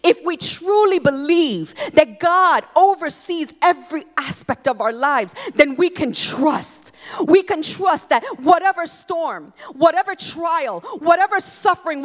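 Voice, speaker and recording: A woman preaching a sermon, expressive and emphatic, leaning into repeated phrases. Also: high-pitched. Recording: long hall reverb.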